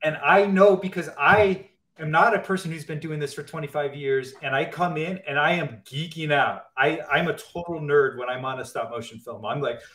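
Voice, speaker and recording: A man's voice: fairly high pitch, moderate pace, hardly any pauses, a bit bright. A man, an animator guest in an interview, talking casually and eagerly, often repeating and restarting his words as he gets carried away.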